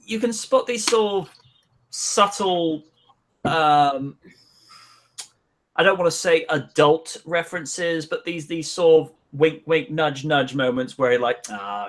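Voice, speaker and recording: Slow-talking man chatting. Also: a little high, fairly bright tone. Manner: slow, musing, trails off with fillers. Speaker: live-stream host. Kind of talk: casual chat.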